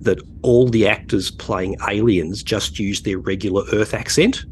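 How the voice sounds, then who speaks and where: Wry Australian man with a lowish voice. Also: steady tone, a little slow, slight background noise. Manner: wry, chatty storyteller with blunt asides. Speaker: podcast co-host. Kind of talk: casual podcast chat.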